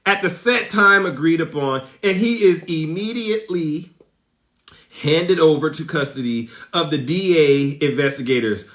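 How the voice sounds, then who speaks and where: A man's voice: on the high side, measured pace, fairly bright tone, reverberant. A man hosting a livestream, reading out news with theatrical teasing, laughing often and greeting viewers by name. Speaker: livestream host. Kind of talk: live commentary reading news.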